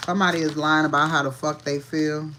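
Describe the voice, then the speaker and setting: A woman giving a casual, profane livestream tarot reading, chatty and quick to laugh. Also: low-pitched, level tone, noisy background. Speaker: tarot reader.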